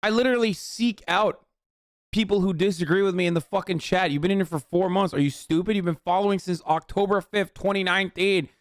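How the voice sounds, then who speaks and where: A man's voice: high voice, fairly quick, no room sound, studio quality. A man streaming a reaction video, ranting profanely at his chat.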